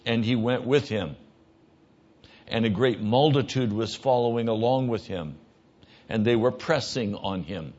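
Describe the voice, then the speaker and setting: A man preaching a sermon as pastor, emphatic, moving between hushed lines and loud ones. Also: medium pitch, a little slow. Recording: dull lo-fi sermon recording.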